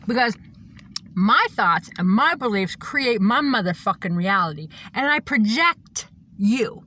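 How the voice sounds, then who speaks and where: A woman's voice: medium pitch, expressive, a little slow, pushed and bright, slight background noise. A woman who calls herself a psychic, delivering a blunt, profanity-filled rambling monologue. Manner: blunt, profane, emphatic ranting. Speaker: self-described psychic and reverend.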